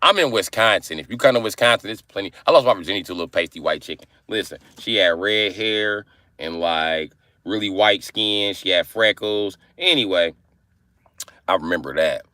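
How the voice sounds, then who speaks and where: Crude, rambling male live-streamer, low voice, dry close sound. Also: moderate pace, sharp tone, no echo. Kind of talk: comedic live-stream rant.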